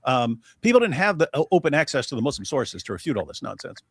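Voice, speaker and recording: A man's voice: medium pitch, big pitch swings, fast talker, fairly bright tone, husky, dry recording. A man from the United States hosting a casual live-stream, talking in a blunt, mocking way. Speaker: host.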